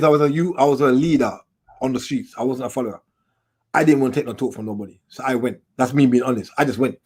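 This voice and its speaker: A man talks quickly in relaxed street slang, piling one story onto the next. He is middle-aged, and his voice sits at a medium pitch. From England. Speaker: documentary filmmaker, guest. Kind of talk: casual storytelling interview.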